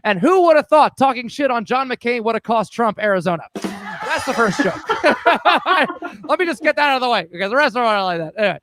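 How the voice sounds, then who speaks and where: A man's voice: extremely high pitch, very animated, brisk, a bit bright, slight background noise. A man hosting a podcast, telling topical jokes with chuckles and mock voices. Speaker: podcast host. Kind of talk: joking comedy segment.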